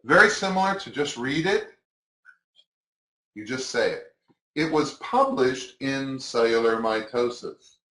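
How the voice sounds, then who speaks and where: A man's voice: mid-range voice, animated, unhurried, pauses often, fairly bright tone. Chatty man teaching magic, roomy sound. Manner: casual, chatty, acts out patter to spectators. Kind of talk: instructional talk to camera.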